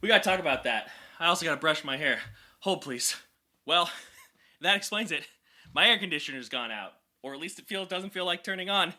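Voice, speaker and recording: A man talking casually as a vocal coach reacting to a song, chatty and excitable with lots of fillers. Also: on the high side, brisk, slight background noise. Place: indoor room at home.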